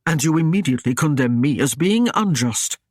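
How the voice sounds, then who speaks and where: A man reading an audiobook, voicing a stern and proud Norman knight who speaks in a gruff, commanding way. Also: fairly high pitch, expressive, fairly quick, darkish tone, no room sound, clean studio sound. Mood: gruff annoyed. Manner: gruff, commanding, dryly mocking.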